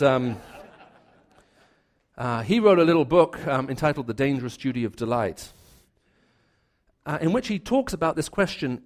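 Male preacher, conversational storytelling delivery, restarts and fillers, mid-range voice. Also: mid-range voice. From raised in the Middle East. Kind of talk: sermon.

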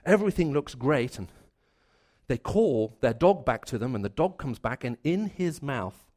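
A man preaching a sermon, earnest and building his points through repeated phrases, dropping to a hushed voice for his stories. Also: medium pitch, sing-song, normal speed.

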